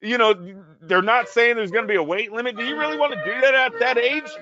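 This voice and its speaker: A man's voice: very high-pitched, fast, lo-fi sound. A man hosting a boxing podcast in casual, profane chat, putting questions to his listeners.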